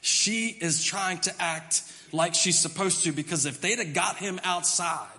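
Male pastor, high and bright, animated storytelling sermon, echoey church hall. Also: a little slow. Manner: animated storytelling with acted-out voices. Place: church sanctuary.

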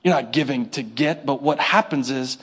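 With a husky, medium-pitched voice and an unhurried moderate pace, a pastor preaches a lively sermon to his flock. Call-and-response and small acted-out scenes run through it.

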